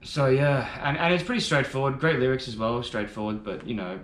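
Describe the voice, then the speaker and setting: A man's voice: mid-range voice, a little fast, roomy sound. A man giving casual, enthusiastic first-reaction commentary on music, rambling a little and swearing now and then. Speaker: music reaction video host.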